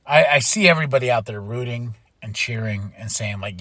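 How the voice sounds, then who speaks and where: A man's voice: medium pitch, brisk, few pauses, bright, forceful tone, no room sound, studio quality. A man hosting a podcast, recapping wrestling in casual, profane chat and mimicking wrestlers as he goes. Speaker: podcast host.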